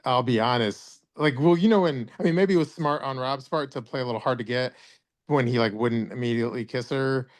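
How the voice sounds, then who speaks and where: A man's voice: medium pitch, fairly quick. Man, podcast co-host, casual rambling chat with a crude sense of humor. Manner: rambling, restarts often, crude jokes.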